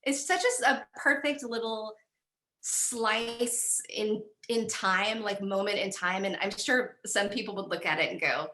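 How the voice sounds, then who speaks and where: A woman's voice: medium pitch, unhurried, bright, forceful tone, roomy sound, a little hiss or hum. A woman author chatting casually about her book on a video call, rambling and self-deprecating, often restarting her sentences.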